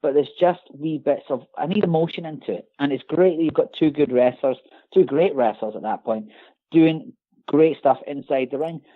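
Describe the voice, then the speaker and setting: A Scottish man co-hosting a wrestling podcast, talking in an animated, sarcastic, ranting way. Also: a little high, normal speed. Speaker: podcast co-host. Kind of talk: casual podcast chat. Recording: tinny phone-like call line.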